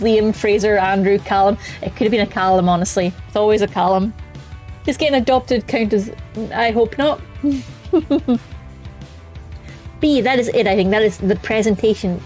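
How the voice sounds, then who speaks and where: A woman's voice: mid-range voice, a little mellow, low-quality recording. A young woman chatting casually to her stream viewers, talkative and self-mocking.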